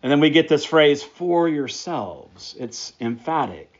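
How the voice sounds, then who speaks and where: A man's voice: fairly high pitch, normal speed, muffled recording. A man preaching a sermon, praying and then teaching through a Bible passage with emphatic, repeated phrases. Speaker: pastor.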